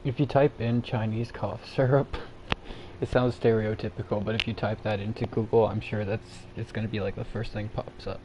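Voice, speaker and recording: A man's voice: fairly low pitch, flat delivery, moderate pace. A man chatting casually and rambling on his own live stream, laid-back and chuckling at himself. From Canada. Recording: dull lo-fi sound with faint background noise.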